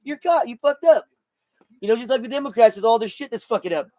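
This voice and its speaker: A man's voice: very high voice, animated, fast talker, mellow, dry recording. A man hosting his own show, delivering a blunt, profane solo political rant and repeating words as he gets heated. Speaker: show host.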